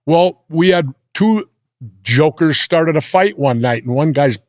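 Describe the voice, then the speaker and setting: An older American man telling blunt, gruff stories in a sit-down interview. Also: a little high, lively intonation, a little slow, no echo, studio quality. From United States. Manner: gruff, blunt anecdotal storytelling. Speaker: interview guest. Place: indoor interview set.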